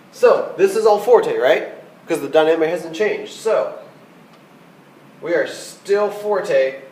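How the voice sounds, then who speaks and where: Lively-voiced man teaching trumpet. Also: fairly high pitch, roomy sound, rough recording. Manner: counting beats aloud, patient and explanatory. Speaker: music teacher. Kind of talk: trumpet lesson instruction.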